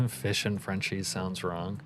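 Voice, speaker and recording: A man's voice: low voice, steady tone, slow, background noise. A man casually commentating his own game stream, joking and reading chat comments aloud.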